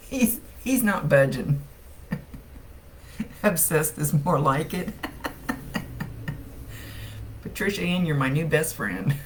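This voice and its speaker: A woman's voice: deep voice, lively intonation, takes it slowly, long pauses, background noise. A woman giving a casual live-streamed psychic reading. She chats freely, laughs often and gets teary along the way. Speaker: psychic medium.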